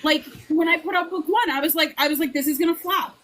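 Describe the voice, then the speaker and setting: A woman hosting a casual book club chat, with a high voice. She is chatty and encouraging. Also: fast talker, fairly bright tone, rough recording.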